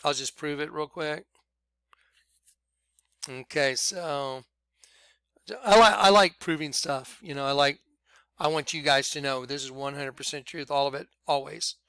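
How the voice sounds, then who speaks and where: A man telling a personal story to his viewers, animated, acting out quotes and rambling with restarts. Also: a little high, measured pace, long pauses, clear, resonant tone, no room sound. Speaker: vlogger.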